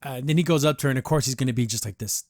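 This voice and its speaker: A man hosting a podcast, reviewing a cartoon episode in an animated, excitable way with many restarts. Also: mid-range voice, rapid-fire, no room sound, studio quality. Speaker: podcast host. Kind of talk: casual episode review chat.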